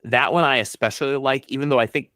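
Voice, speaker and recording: A man co-hosting a casual comic book podcast, speaking in a laid-back, measured way. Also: medium pitch, sharp tone, no room sound, studio quality. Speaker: podcast co-host.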